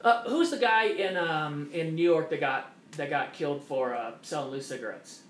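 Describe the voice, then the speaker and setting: A man's voice: on the high side, moderate pace. Emphatic man in an echoey room. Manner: emphatic, repetitive, mocking quoted voices. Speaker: host. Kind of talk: opinion monologue.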